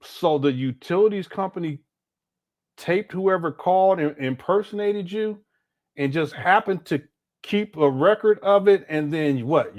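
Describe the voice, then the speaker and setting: Animated, sarcastic male stream commentator. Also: sits high. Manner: sarcastic, exasperated, talks back to the clip. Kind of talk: reaction commentary.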